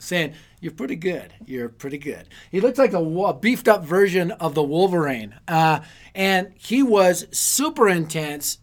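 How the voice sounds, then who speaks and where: High-voiced man preaching with comic stories. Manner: animated, self-deprecating, punchy comic timing. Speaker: youth ministry preacher. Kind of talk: humorous storytelling sermon.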